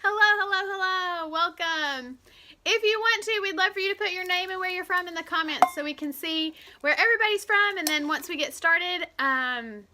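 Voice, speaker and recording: A woman's voice: very high voice, fairly quick, few pauses, noisy background. A woman hosting a live stream in a bubbly, chatty way and greeting viewers by name, filmed at home on a camera propped on a shoebox. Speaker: host of a weekly live stream. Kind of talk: casual live-stream chat.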